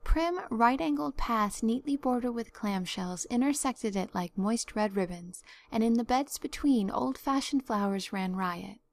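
A woman narrating a story as an audiobook reader, measured and expressive. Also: on the high side. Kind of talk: scripted narration.

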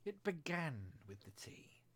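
A man's voice: a little high, very animated, a little slow, a little hiss or hum, pitched above the performer's own voice. Man doing a trembling, nervous hatter. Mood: anxious. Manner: anxious and pleading.

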